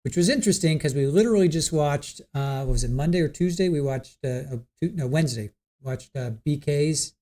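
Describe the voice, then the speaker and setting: A man's voice: fairly high pitch, brisk, mellow. A man hosting a live stream, casually recapping and reading out statements with fillers and restarts. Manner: conversational, many fillers and restarts, chuckles now and then. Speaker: live stream host recapping a court sentencing.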